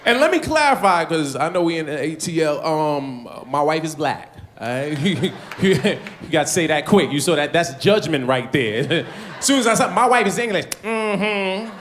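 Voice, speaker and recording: A middle-aged man performing a stand-up comedy routine, animated and punchy, laughing at his own jokes. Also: on the high side, normal speed, slight background noise. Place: comedy stage before a live audience.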